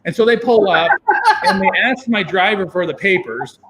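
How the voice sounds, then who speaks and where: A man telling a long personal story as an interview guest, animated and full of fillers and chuckles. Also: high voice, normal speed, heavy background noise. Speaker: guest, venture capitalist. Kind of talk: casual anecdote telling.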